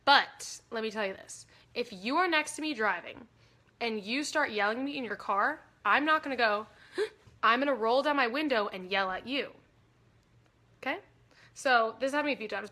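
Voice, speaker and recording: A woman's voice: fairly high pitch, pushed and bright. A young woman hosting a casual livestream, chatty and giggly, rambling through stories. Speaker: livestream host.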